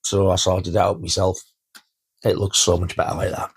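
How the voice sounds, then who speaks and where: Gravelly man reviewing films. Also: low voice, flat delivery, normal speed. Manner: chatty, enthusiastic, laughs while retelling scenes. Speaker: film reviewer. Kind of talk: casual home movie-review vlog.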